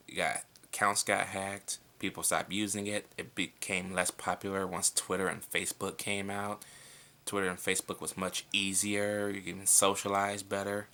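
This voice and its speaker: A man's voice: deep voice, vocal fry, bright, forceful tone. A young man answering viewer questions in a casual vlog at home at night. He is laid-back and blunt, and he swears freely.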